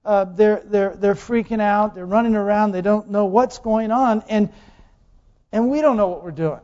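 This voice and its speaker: High-voiced preacher in a reverberant hall. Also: male voice, normal speed, darkish tone. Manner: asks the congregation questions, repeats phrases for emphasis. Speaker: pastor. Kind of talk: sermon. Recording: dull lo-fi sound with long hall reverb.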